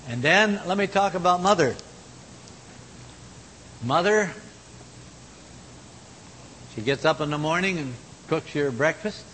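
Man, preacher, folksy sermon, fairly high voice, faint rumble behind, long hall reverb. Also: animated, slow pace, long pauses. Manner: folksy, swings from loud exhortation to hushed tones.

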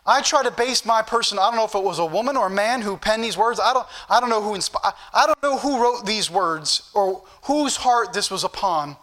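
A man preaching an evening sermon in a high, bright, forceful voice. He teaches earnestly and repeats key words for emphasis. He slows right down and lifts his voice when he reads verses aloud. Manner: slows down and rises in pitch when reading scripture aloud; earnest, repetitive teaching delivery.

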